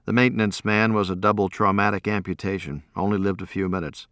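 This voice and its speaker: A shaken woman surgeon , voiced by a man speaks in a dull, worn-out tone. Her voice is pitched somewhat higher than the low narration around it. The recording is dry and close. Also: steady tone, fairly quick, a bit bright, no echo. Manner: dull, subdued delivery. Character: shaken, pale female surgeon, flat and dull.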